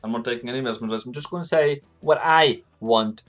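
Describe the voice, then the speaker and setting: A man's voice: mid-range voice, fast talker, fairly bright tone, soft background music. A man hosting a live forex trading stream, chatting casually with viewers and laughing often as he talks through charts. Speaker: forex trading livestream host.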